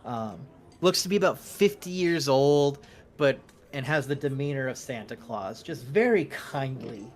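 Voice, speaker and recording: A man narrating a tabletop game as dungeon master in a relaxed, meandering way. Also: medium pitch, a little slow.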